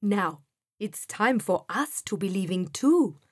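A wise, loving guide in a storybook, voiced by a woman. The guide speaks slowly and calmly in a breathy voice, close and dry. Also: mid-range voice, no room sound. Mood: gentle.

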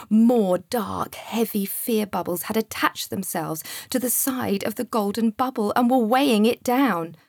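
Slow, husky woman reading a children's story. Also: medium pitch, dry recording, studio quality. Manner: slow, soft, sometimes whispered. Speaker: narrator.

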